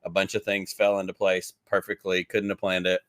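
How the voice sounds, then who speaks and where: Man, Southern US accent, low voice, dry close sound, eager rambling storyteller, podcast guest. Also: monotone, fairly quick, fairly bright tone, dry recording. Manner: enthusiastic rambling storyteller, many "like"s. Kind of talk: casual interview chat.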